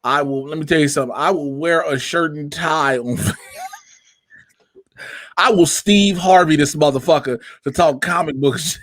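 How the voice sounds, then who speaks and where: Brief: young Chicago man, podcast host, loose profane chat, animated, dry close sound. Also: fairly high pitch, measured pace, no echo. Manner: profane, laughing, animated storytelling. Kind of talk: casual chat.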